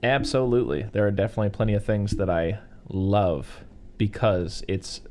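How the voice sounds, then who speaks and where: A man's voice: lowish voice, normal speed, a little mellow, a little hiss or hum. Rambling casual man recapping plots. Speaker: podcast co-host. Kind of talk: casual chat.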